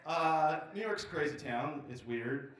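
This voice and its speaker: A man in his forties doing live stand-up, teasing the audience and riffing with wry, sudden loud outbursts. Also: on the high side, expressive, a little slow, far from the mic. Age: 40s. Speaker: stand-up comedian. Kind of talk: live stand-up with crowd work. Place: lodge performance room. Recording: echoey room recorded from afar.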